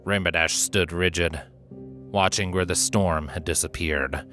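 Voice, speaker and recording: A man reading a fanfiction story aloud with steady, dramatic narration. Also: low-pitched, unhurried, soft background music. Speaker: narrator and reader.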